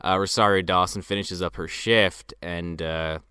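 A man with a bright, forceful voice and a smooth, crisp tone, talking through a movie's plot in loose, profane podcast banter. His pitch swings widely as he jokes, and the sound is dry and close. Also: fairly even intonation, moderate pace, no room sound. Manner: profane, wry plot recapping. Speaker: podcast co-host. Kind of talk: casual movie-recap chat.

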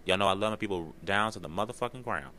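Male podcast host, lowish bright voice, slangy and expressive, swears freely. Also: fast, a little hiss or hum. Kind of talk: casual podcast monologue.

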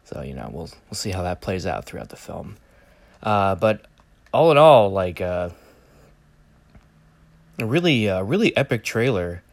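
In casual solo commentary on a movie trailer, a man rambles with many fillers, restarts and joking asides. His low, gravelly voice is sing-song and unhurried, with long pauses, and there's no room sound.

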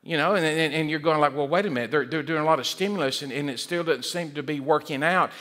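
A man preaching a sermon as pastor, animated, often repeating words and acting out quoted voices. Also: fairly high pitch, fast talker.

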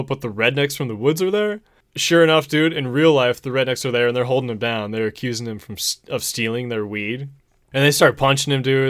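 A young man hosting a casual talk show, excitedly and profanely retelling a movie plot and saying "dude" often. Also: medium pitch, smooth, dry recording, studio quality. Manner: excitable, profane storytelling, says "dude" a lot. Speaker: podcast host. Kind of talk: casual movie recap chat.

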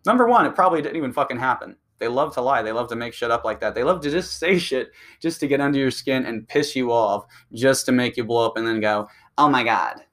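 A man's voice: mid-range voice, expressive, quick pace, few pauses, a bit bright. A man delivering a profane, combative ranting monologue that speeds up when he gets heated. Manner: crude, combative, and provocative.

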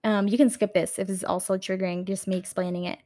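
A woman's voice: mid-range voice, flat delivery, fast talker, dark tone. Brief: young woman, casual vlog rant, fired up and profane, mid-range voice, camera mic at home. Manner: heated, swears often, many fillers and restarts. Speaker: video creator reviewing a film.

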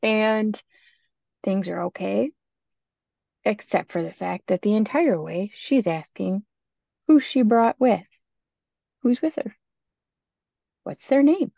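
A woman's voice: medium pitch, takes it slowly, vocal fry, long pauses, warm tone, dry recording. A woman hosting a podcast and telling a creepy story in a chatty, casual way, full of "you know" asides. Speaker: podcast host. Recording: dull lo-fi dry podcast recording.

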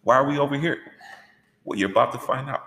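A man teaching a church workshop in an animated, conversational way, asking rhetorical questions. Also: mid-range voice, quick pace. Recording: echoey hall with long reverb.

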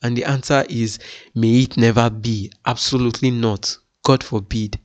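Male preacher from Nigeria, earnest sermon delivery, mid-pitched voice with emphatic rises. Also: steady tone, moderate pace. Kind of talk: sermon-style teaching.

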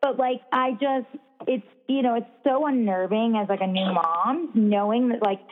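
A woman's voice: a little high, moderate pace, narrow, tinny audio. Chatty young woman, phone-thin sound. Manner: rambling, full of "like", swears freely. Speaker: podcast co-host, new mother. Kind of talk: casual chat.

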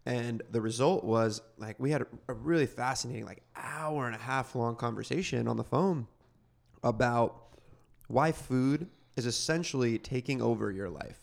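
A man hosting a casual food podcast, chatty and relaxed with casual slang. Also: mid-range voice, moderate pace, gravelly. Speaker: podcast host.

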